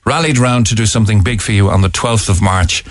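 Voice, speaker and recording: A man's voice: fairly low pitch, brisk, no room sound. A man with a Cork accent presenting talk radio in a studio, earnest, with many "uh" fillers as he reads out listener texts. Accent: Irish, Cork. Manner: earnest, with frequent "uh" fillers and restarts. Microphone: studio microphone.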